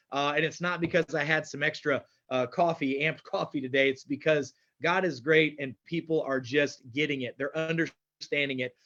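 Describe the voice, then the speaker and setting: Man, higher voice, upbeat webinar host, chatty with fillers, muffled lo-fi call audio. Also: fairly even intonation, normal speed, hardly any pauses, sharp tone. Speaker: host of an online wellness workshop. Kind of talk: live webinar talk. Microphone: computer mic on a video call. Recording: dull lo-fi video call audio.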